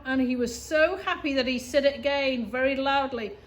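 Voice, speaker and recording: A woman with a British accent, a teacher reading a picture book aloud to children with expressive storytelling. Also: a little high, normal speed, few pauses.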